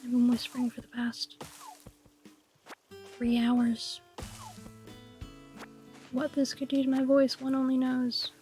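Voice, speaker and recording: A high-voiced woman whispers raspy, low-key chatter while streaming a game, in a fairly level tone. Her playful, mock-grand musings stay hushed throughout. Soft guitar music plays faintly behind her. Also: little pitch movement, slow pace, pauses often. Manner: whispering softly. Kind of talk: casual gameplay chat.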